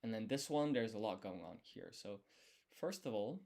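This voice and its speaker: Slightly low-voiced man thinking aloud. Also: animated, normal speed, creaky, darkish tone. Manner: explains step by step, muses and quizzes himself. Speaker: language learner streaming his study. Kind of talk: thinking aloud while studying.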